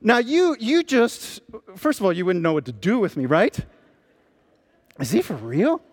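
A man preaching a sermon, telling stories with lively emphasis as a pastor. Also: high-pitched, moderate pace, long reverb tail. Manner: animated storytelling preacher.

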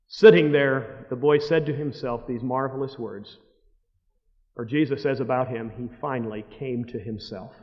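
A man preaching a sermon, telling stories dramatically, with loud outbursts that drop to hushed words. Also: mid-range voice. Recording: dull long-reverb hall sound.

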